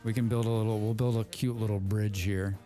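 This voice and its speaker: Low-ish and mellow, this man's voice barely moves in pitch as he talks briskly over soft background music. During a casual let's play he rambles with friends in a playful way, often saying the same words again.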